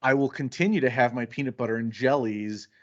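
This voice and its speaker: A mid-pitched man chatting easily as co-host, wandering through stories and slipping into quick voices for the people in them. The recording sounds slightly dull and lo-fi. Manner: rambling anecdotes, acts out both sides of conversations. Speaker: podcast co-host. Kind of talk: casual chat.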